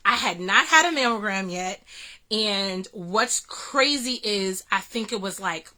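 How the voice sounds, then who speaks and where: Woman vlogging her story, bright clear voice, lots of ums and restarts, earnest. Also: medium pitch, expressive, measured pace. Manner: earnest, faith-filled retelling with frequent restarts and fillers. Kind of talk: personal storytelling vlog.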